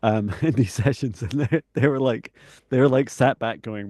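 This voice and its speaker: A man co-hosting a live stream, talking in a relaxed, chatty way with small laughs. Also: medium pitch, normal speed, no room sound, studio quality. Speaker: psychic mentor and co-host. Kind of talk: live-stream casual chat.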